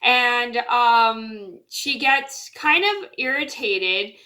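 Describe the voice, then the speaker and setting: A woman's voice: fairly high pitch, lively intonation, extremely slow, sharp tone. A woman casually telling a rambling personal story to camera, with many fillers, restarts and repeated "blah, blah". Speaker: storyteller vlogger.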